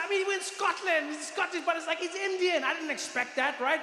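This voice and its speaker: A man, a comedian, telling a comic story in an animated, self-mocking way. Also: extremely high pitch, brisk. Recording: echoey hall, background noise.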